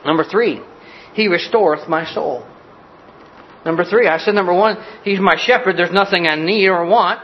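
A middle-aged man preaches with a high, light voice, rising to loud urgent bursts and dropping to hushed, intimate lines. He talks straight to his listeners in a folksy way. The recording is dull and lo-fi, as if taped in a church. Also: moderate pace, slight background noise. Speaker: pastor. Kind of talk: sermon.

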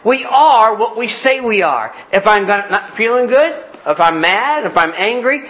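Folksy man preaching a sermon, high voice. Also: lively intonation, normal speed, dull audio. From Cleveland, Ohio. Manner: folksy, joking preacher with repeated phrases. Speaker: pastor.

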